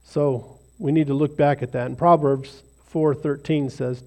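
A man gives an informal devotional to a small gathering. His voice sits a little high but sounds mellow and soft-edged, with plenty of gravelly fry. He rambles in a relaxed, conversational way and often pokes fun at himself. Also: unhurried. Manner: rambling, self-deprecating, conversational. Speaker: lay speaker leading a devotional.

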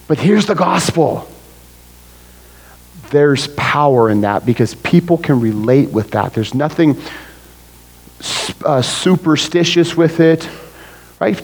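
Animated man preaching a casual sermon. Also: fairly high pitch, unhurried, vocal fry, slightly rough, low-quality recording. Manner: animated, frequent "right?" asides. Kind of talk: conversational sermon.

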